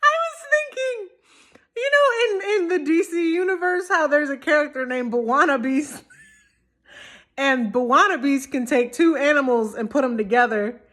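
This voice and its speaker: A woman's voice: sits high, normal speed, fairly bright tone. A tired young woman vlogging casually, giddy and giggly, rambling with many restarts.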